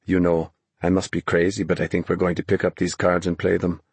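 Man voicing a wry young man, low husky voice, hesitant, storybook reading. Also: monotone, a little fast, darkish tone, no room sound. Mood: doubtful. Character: tall young man, doubtful but willing.

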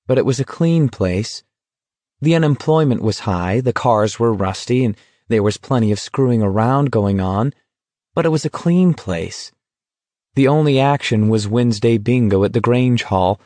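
A man reading a novel aloud in a steady, even storytelling voice. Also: lowish voice, no echo. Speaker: audiobook narrator. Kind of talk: scripted narration.

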